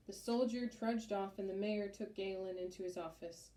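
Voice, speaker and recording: A woman narrating a children's chapter book in a steady, measured reading voice. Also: mid-range voice. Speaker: audiobook narrator. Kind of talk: storybook narration. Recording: roomy echo.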